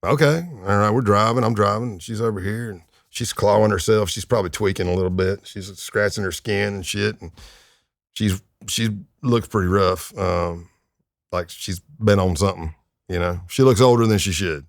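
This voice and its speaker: A man's voice: lowish voice, fairly even intonation, normal speed, gravelly, no room sound, clean studio sound. A middle-aged man, a retired undercover agent, telling crime stories in a casual, laid-back way, with lots of fillers and chuckles. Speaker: retired FBI undercover agent, podcast guest. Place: podcast studio.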